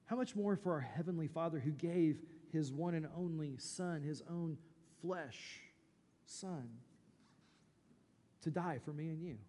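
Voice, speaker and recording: Pastor, man, slightly high voice, emphatic preaching with rhetorical questions, long hall reverb. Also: measured pace, dark tone. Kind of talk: sermon.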